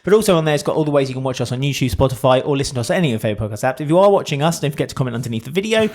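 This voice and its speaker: A man's voice: medium pitch, expressive, racing, a little mellow. A British man co-hosting a podcast in casual, jokey chat. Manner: chatty, jokey, puts on mock accents. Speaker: podcast co-host.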